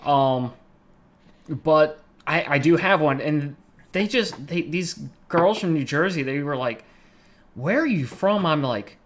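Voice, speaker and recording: A man's voice: fairly high pitch, takes it slowly. Southern American man running a tabletop game. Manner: relaxed, muttering to himself while moving tokens. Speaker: game master.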